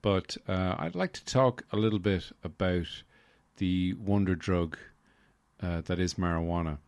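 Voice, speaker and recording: A man hosting a casual solo podcast, rambling with deadpan humor and lots of fillers into a close mic. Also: low-pitched, measured pace, no room sound. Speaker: podcast host.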